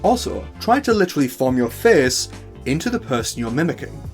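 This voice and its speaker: A man's voice: on the high side, sing-song, brisk, faint music behind. A man with a northern English accent hosting a tutorial, chatty with playful asides. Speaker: host. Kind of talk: tutorial talk to camera.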